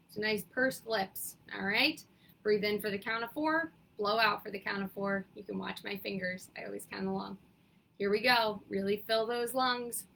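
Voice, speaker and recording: A young woman leading a seated exercise class, with a raspy morning voice, counting down and giving encouraging cues. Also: medium pitch, pushed and bright, low-quality recording. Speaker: fitness instructor.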